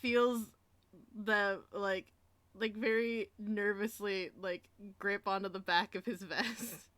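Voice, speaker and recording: A woman casually narrating her character in a role-play, quick and giggly with many fillers. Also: medium pitch, fairly even intonation, a bit bright, dry recording. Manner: fast, giggly, lots of "like" fillers. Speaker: tabletop role-play player.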